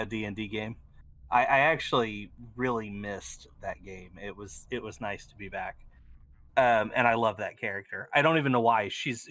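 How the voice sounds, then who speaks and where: A man co-hosting a casual gaming podcast, upbeat and quick to laugh. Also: fairly low pitch, a bit bright, dry recording. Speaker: co-host.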